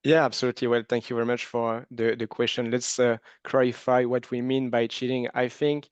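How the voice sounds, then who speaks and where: A man with a French accent speaks on a webinar panel. His voice is smooth, and he talks politely with a few hesitant fillers. The audio is dry and slightly dull over a video call. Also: medium pitch, level tone, fairly quick, no echo. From France. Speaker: recruitment director panelist. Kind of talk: panel discussion.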